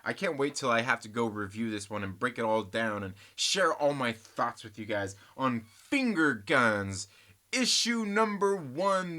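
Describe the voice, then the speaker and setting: With a medium-pitched voice that sounds pushed and bright, a comic book channel host chats loosely and rambles in a casual vlog. He jokes, teases, and refers to his viewers as "guys."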